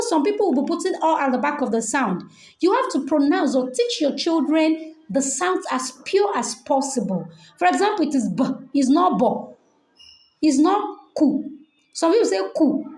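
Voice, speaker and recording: Animated Nigerian woman coaching parents. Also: sits high. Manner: animated, repeats key points, asks "okay?". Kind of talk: online training session. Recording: echoey room.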